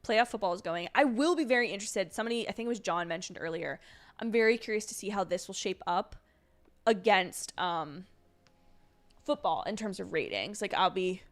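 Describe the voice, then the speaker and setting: A woman's voice: medium pitch, expressive, a little fast. Chatty young woman streaming from home. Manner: chatty, rambling, apologetic asides. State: sleepy, yawning. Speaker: livestream host. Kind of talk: casual watch-along chat.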